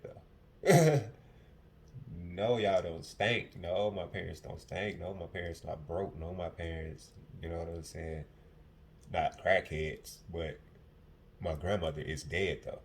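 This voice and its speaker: Passionate, profane young man, lowish voice. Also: takes it slowly, slight background noise. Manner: profane, passionate, repeats himself. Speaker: podcast host. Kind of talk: casual podcast monologue.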